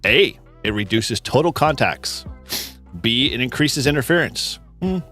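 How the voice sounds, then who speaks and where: Boston-area man hosting a live quiz stream, mid-pitched, light music behind, laughs a lot. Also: expressive, unhurried, pushed and bright. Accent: Boston-area American. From Massachusetts, USA. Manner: laughs often, chatty with restarts. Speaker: host.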